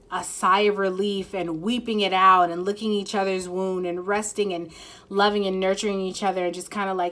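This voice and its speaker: A woman giving a casual, earnest tarot reading to her viewers. She swears freely, uses many fillers, and fights back tears. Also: mid-range voice. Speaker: tarot reader.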